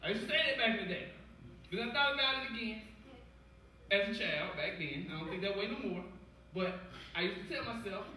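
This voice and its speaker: A young man from Cincinnati in his twenties doing a stand-up set, telling stories in a loud, profane, animated way. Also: high-pitched, fairly quick, pauses often, slight background noise. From Cincinnati, USA. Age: 20s. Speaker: stand-up comedian. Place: comedy club stage. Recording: echoey club, distant mic, loud crowd.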